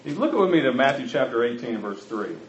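Animated preacher with a roomy sound. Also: male voice, medium pitch, fast talker, a little hiss or hum. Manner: conversational, addresses the congregation directly. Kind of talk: sermon. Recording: roomy, slightly muffled recording.

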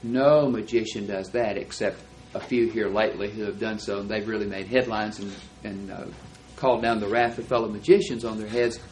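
A man teaching a Bible class, explaining verses and reading them out slowly and deliberately. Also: lowish voice, steady tone, a little mellow, a little hiss or hum, low-quality recording.

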